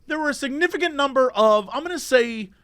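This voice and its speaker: A man co-hosting a podcast, ranting and telling stories in an animated casual chat. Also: very high voice, fairly quick, no room sound, clean studio sound. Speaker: podcast co-host.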